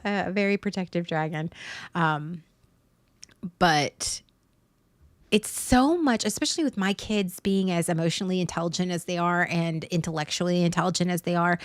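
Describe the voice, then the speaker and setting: A woman's voice: lowish voice, animated, unhurried, dry recording. A woman, a mother hosting a livestream from home. She chats casually and rambles, with many fillers and restarts. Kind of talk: casual rambling chat to viewers.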